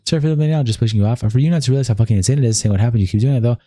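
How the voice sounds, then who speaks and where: A man's voice: medium pitch, rapid-fire, hardly any pauses, dark tone, dry recording. A man on a live stream, reading a long document and message screenshots aloud, often stumbling over words and restarting them. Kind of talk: live-stream read-through with commentary.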